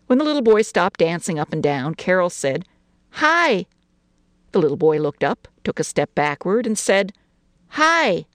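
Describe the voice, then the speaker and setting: A woman narrating a short story in an expressive, lilting reading voice. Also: on the low side, a little fast, few pauses, dry recording.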